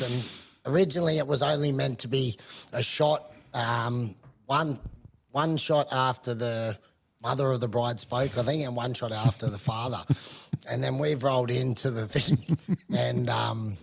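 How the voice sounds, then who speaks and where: A man's voice: mid-range voice, moderate pace, vocal fry, husky. An Australian man on a podcast, rambling through a story with swearing and laughs. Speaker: podcast co-host. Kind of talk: casual chat.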